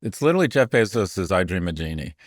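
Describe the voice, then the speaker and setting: Very deep-voiced sardonic man. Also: very animated, fast talker, no echo, studio quality. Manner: sardonic, crude jokes. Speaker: podcast co-host. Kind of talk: casual chat.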